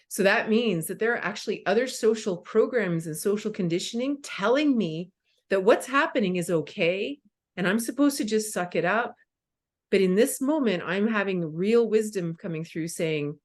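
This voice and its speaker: A woman's voice: mid-range voice, animated, normal speed. A middle-aged woman in a casual conversation as a guest teacher, talking with emphasis and acting out inner voices.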